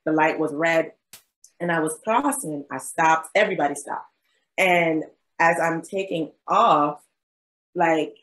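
A young adult woman from South Jersey, a physician appearing as a guest, tells a story during a casual interview. Her voice is deep, and she acts out quotes and laughs often. The audio quality is poor.

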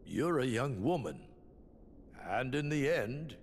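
A gravelly, grainy-voiced old emperor, calm and formal in a game cutscene. He speaks in a measured, ceremonious way, his pitch rising and falling with stately expression. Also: long reverb tail, slight background noise.

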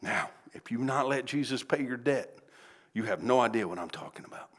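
A middle-aged man, preaching a sermon as pastor in a folksy manner, swinging from quiet pleading to loud exclaiming. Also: medium pitch, animated, a little fast. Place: church sanctuary.

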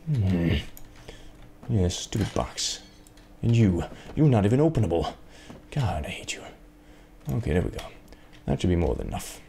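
A man's voice: fairly low pitch, mellow, a little hiss or hum. A man giving sarcastic, rambling gameplay commentary to himself, swearing often, at a desk microphone. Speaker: let's play gamer.

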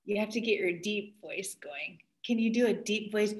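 A woman's voice: medium pitch, moderate pace, husky. A young woman who is a children's librarian, hosting a story time and cheerfully encouraging young kids.

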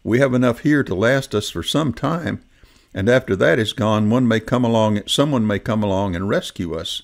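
A man reading as a timid old goose gentleman. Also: on the low side, normal speed, gravelly. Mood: worried. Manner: worried, reluctant.

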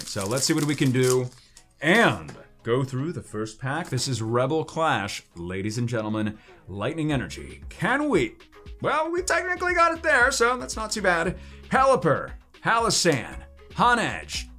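A man's voice: on the high side, a bit bright. A man casually chatting while opening trading card packs in his home studio, playful and joking. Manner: playful, swoops into silly voices and mock wails. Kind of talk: excited pack-opening chatter.

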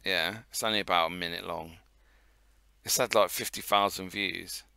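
A man with a Northampton accent co-hosting a casual podcast, relaxed, laughing and swearing freely. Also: sits low, normal speed, creaky, clear, resonant tone, dry recording. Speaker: podcast co-host. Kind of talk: casual chat.

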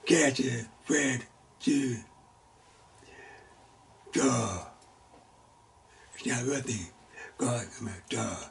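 Teaching a Sunday school Bible lesson, a man speaks slowly and deliberately in a gravelly, mid-range voice. His words arrive in halting fragments punctuated by sudden loud exclamations. He's recorded from a distance, set back from the mic in a church classroom.

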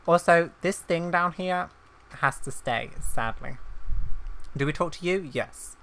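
A woman's voice: sits low, a bit bright. A woman hosting a gaming channel, chatting casually and giggling as she plays. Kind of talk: casual gameplay commentary.

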